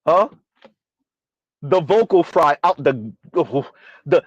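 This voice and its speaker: A man's voice: high-pitched, lively intonation, slow, long pauses, no room sound, rough recording. A man ranting in a sardonic, exasperated commentary vlog, hammering his points by repeating them. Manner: sardonic, exasperated, repetitive emphasis. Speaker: commentary vlogger.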